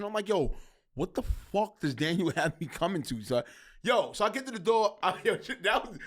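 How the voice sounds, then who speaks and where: A man hosting a podcast, telling a story in an animated, slangy way with frequent laughter. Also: high-pitched. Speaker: podcast host. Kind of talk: casual chat.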